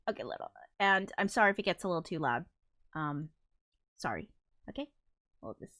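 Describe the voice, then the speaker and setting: A woman's voice: medium pitch, a bit bright, no echo, clean studio sound. A woman hosting a casual livestream, chatting in a rambling, giggly way with many fillers. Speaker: livestream host, musician.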